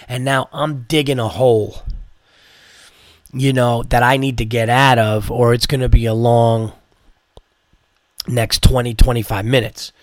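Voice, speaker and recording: Rambling, swearing comedian telling a story. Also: male voice, mid-range voice, dry recording, clean studio sound. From New York. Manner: rambling, profane, frequent restarts. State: tired from medicine. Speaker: comedian podcast host. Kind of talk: casual storytelling.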